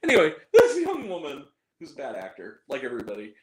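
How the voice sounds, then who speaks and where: A man's voice: on the high side, huge pitch swings, fast. A man giving a casual spoken movie review, rambling and sarcastic, with many asides. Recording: roomy echo.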